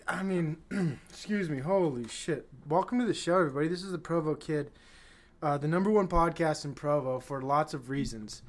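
A flustered man hosting his own podcast, out of breath and rambling, swearing often as he fights his camera. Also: a little high. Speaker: podcast host. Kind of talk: casual solo podcast chat. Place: small room with chairs, fan running.

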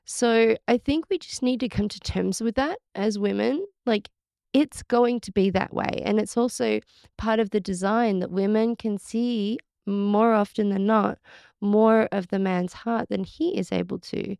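Woman, podcast host, casual talk, gravelly, reflective, dry close sound. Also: mid-range voice, unhurried, darkish tone, no room sound. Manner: affirming listener with frequent short agreements, then reflective. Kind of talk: casual conversation.

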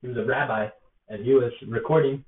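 A man's voice: medium pitch, fairly even intonation, fairly quick. A young man telling a story in a casual, earnest, rambling way, with lots of fillers, recorded on a laptop. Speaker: rally organizer. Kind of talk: casual spoken reflection to camera. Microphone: laptop or tablet built-in mic. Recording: echoey, distant, phone-like tinny sound.

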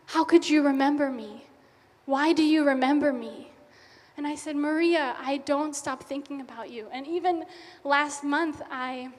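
A woman shares her testimony as a missionary, speaking in a heartfelt, emotional way. Her voice is high, and the church hall adds a long reverb to every word. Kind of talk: personal testimony. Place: church sanctuary.

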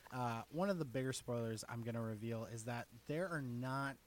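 A young man hosting a podcast, relaxed as he leads the segment with quick asides. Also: mid-range voice, a little hiss or hum. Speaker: podcast host. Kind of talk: casual podcast chat.

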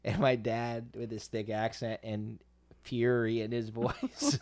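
A man's voice: medium pitch, expressive, unhurried, a little mellow. A man co-hosting a podcast, telling a childhood story in a rambling, self-correcting way and laughing as he goes. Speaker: podcast co-host. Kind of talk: casual storytelling chat.

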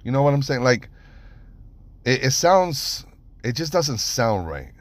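A man hosting a podcast, telling stories in a casual monologue, animated and profane, with lots of rhetorical questions. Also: medium pitch, measured pace, dry recording. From United States (Nevada). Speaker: podcast host.

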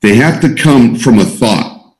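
A man leads a small group of students through a teaching talk, pressing hard on his main points and repeating them. His voice sits at an ordinary middle pitch. The room around him gives it a noticeable echo. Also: expressive, unhurried, darkish tone. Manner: emphatic, repeats key points. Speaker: coach guiding a group of students. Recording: roomy echo.

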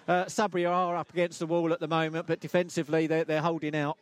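A man's voice: a little high, little pitch movement, fast talker. A man giving live, chatty club football commentary from the ground.

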